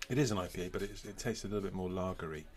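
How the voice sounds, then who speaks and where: Host: British man, lowish voice, relaxed chatty delivery, recorded from home. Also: racing. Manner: relaxed, chatty, with fillers and restarts. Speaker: podcast host. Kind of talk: casual chat and scripted episode intro. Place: home, remote call.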